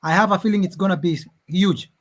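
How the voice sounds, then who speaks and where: A man from Kenya, a guest on an online call, speaking slowly and earnestly in simple phrases. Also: sits high. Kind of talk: casual chat.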